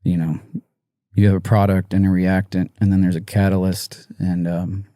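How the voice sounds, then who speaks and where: A man guest on a podcast interview, talking haltingly with many fillers and restarts, emotional and choked up. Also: low voice, level tone, mellow, no room sound, clean studio sound. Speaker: musician guest.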